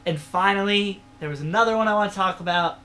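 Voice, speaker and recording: A man's voice: high-pitched, fast, sharp tone, a little hiss or hum. A man co-hosting a casual podcast chat, talking with eager enthusiasm and rambling through fillers and restarts. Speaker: podcast co-host. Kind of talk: casual chat about comics.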